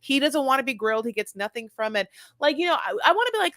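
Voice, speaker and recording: Bright, animated woman podcast co-host. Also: sits high, quick pace, hardly any pauses, dry recording. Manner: animated, acts out quotes, swears freely. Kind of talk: casual reality-TV recap chat.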